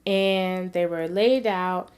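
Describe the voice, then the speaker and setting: A woman vlogger earnestly telling a personal story in a reflective, sometimes soft-spoken way. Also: lowish voice, fairly even intonation, slow, clear, resonant tone.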